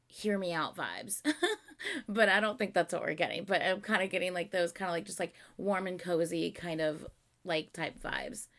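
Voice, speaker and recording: Excitable woman with a gravelly voice. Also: fairly low pitch. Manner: excitable and gushing, keeping her voice down. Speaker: reaction video host. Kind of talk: casual music video reaction. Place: home, early morning.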